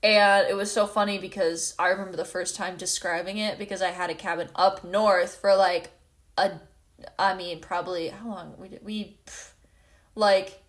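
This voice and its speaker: A woman's voice: mid-range voice, fairly even intonation, normal speed. A young woman co-hosting a casual chat, joking and giggling. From Minnesota, USA. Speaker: podcast co-host.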